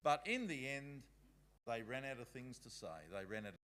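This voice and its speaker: A man's voice: mid-range voice, lively intonation, normal speed, a bit bright. A man speaking at a Bible school, giving a conversational talk and reading passages aloud.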